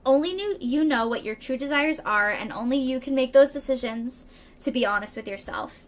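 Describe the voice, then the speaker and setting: Chatty high-voiced woman reading tarot. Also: normal speed. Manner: chatty, playful, reads card texts aloud and riffs with chat; stumbles over words and laughs at herself. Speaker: streamer doing tarot readings. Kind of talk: live-stream tarot reading and chat.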